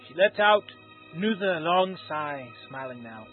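A man with a husky voice reading a fan story aloud in a plain, unpolished way, with small slips. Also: on the high side, lively intonation, unhurried. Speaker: story reader. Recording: tinny phone-like recording with faint music.

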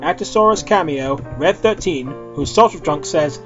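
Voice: medium pitch, expressive, dull audio, soft background music. A podcast host giving a theatrical, comic reading of fan fiction. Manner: theatrical, quick to switch voices.

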